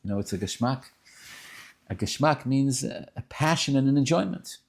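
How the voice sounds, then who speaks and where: Man, rabbi teaching a class, emphatic rising bursts, restarts, mid-pitched voice. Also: lively intonation, normal speed, creaky. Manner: sprinkles Yiddish and Hebrew terms. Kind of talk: informal Torah class.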